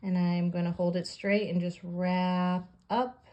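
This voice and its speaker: A woman with a somewhat low voice guides the listener through a paper craft project. She talks calmly and plainly, describing each step while her hands are busy with the work. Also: a little slow, lo-fi sound. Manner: calm step-by-step instructions while working. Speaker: craft tutorial host.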